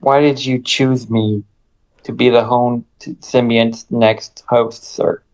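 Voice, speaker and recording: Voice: mid-range voice, level tone, slow pace, a little mellow, lightly acted, poor audio. A player voicing a young, self-doubting starship officer who is flustered and unsure. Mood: bewildered.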